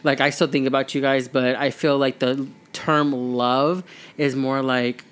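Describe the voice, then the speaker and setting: A man's voice: medium pitch, level tone, unhurried, a bit bright, smooth. A young adult man co-hosting a casual chat, talking earnestly and rambling with many fillers. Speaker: podcast co-host.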